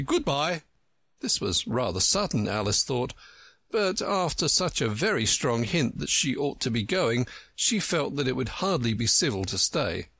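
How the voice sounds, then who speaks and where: Lively male storybook narrator. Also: medium pitch, gravelly, breathy edge, dry recording. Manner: expressive, lively reading. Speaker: audiobook narrator. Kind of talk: storybook reading for radio.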